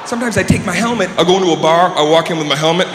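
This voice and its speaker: A male stand-up comedian with a loud, swaggering delivery, acting out scenes with shouted voices. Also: high-pitched, very fast, background noise. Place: comedy club on stage. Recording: roomy live club recording with crowd.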